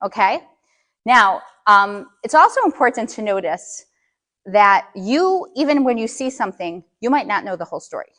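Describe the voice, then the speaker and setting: A woman's voice: mid-range voice, a bit bright. Woman leading a parenting workshop. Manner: engages the audience with questions, frequent "okay?". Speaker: parent coach giving a workshop. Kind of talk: live parenting workshop talk.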